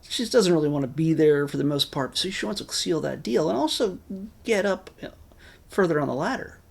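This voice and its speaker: A man's voice: fairly high pitch, expressive, normal speed, gravelly, husky. A man giving a casual, rambling spoken review of a film, with wry asides and many restarts. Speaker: movie reviewer.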